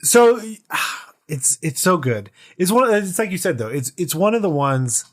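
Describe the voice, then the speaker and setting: A man's voice: high voice, measured pace. A man co-hosting a tabletop gaming podcast in casual, playful chat. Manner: animated, playful storytelling. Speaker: podcast co-host.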